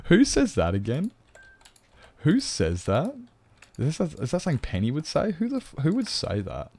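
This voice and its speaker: A man's voice: a little high, huge pitch swings, moderate pace, darkish tone. An Australian man chatting bluntly and swearing to viewers during a casual live stream. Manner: blunt and sweary, rambling, chats to viewers while gaming.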